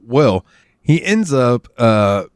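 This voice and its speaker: A man's voice: mid-range voice, sing-song, slow pace, clean tone, no room sound, clean studio sound. A man telling rambling, crude stories while chatting over drinks on a podcast. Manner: rambling storyteller, crude humor. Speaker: podcast guest or co-host. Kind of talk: casual chat over drinks.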